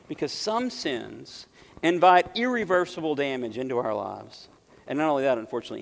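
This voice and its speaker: A man preaching a sermon as pastor, emphatic, jumping from loud bursts to quiet asides. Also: a little high, gravelly. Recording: long hall reverb.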